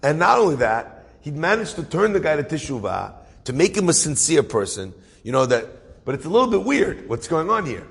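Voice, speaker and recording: Animated storytelling rabbi, husky. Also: male voice, fairly high pitch, a little fast, long reverb tail. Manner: animated storyteller with asides and laughs. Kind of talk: spoken sermon story.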